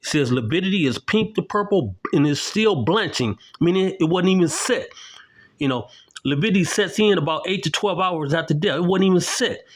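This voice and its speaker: Middle-aged man, raised pitch, emphatic vlogger cadence, pointed and insistent, checks in with "okay?". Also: expressive, normal speed. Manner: indignant, accusatory, keeps tagging "okay?"; explains while showing documents to the camera. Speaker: independent video commentator. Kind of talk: emphatic on-camera commentary.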